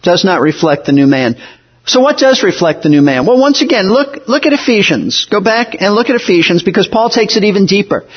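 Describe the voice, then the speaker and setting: A man preaching a sermon in an earnest, measured way, slowing down to stress key words. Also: high voice, sing-song, breathy edge, highs cut off. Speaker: pastor.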